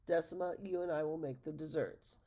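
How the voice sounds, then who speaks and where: A woman reading as a brisk, capable girl cook. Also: low voice, steady tone, warm tone, husky. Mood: cheerful.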